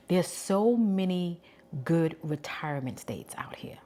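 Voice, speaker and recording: A woman in her forties with a New York accent, talking casually and candidly to her viewers and thinking out loud. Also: fairly low pitch, animated, slow. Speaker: vlogger. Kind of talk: casual talk to camera.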